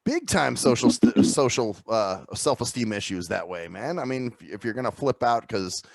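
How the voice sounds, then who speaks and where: A male podcast host with a gravelly voice chats loosely, his pitch rising and falling in an animated way. He leans on fillers and laughs along with his guest, recorded close and dry. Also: moderate pace, no echo. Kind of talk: casual interview chat.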